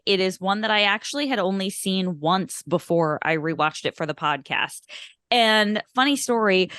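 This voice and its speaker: A woman's voice: medium pitch, fairly bright tone, smooth, dry recording, clean studio sound. Rambling self-mocking woman podcast host. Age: 30s. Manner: rambling, self-deprecating, lots of fillers. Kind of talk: casual chat.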